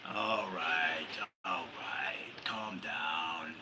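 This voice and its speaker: A man hosting a humor podcast, reading his jokes and a comic essay, laughing at his own lines and jumping up in pitch for quoted characters. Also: noisy background.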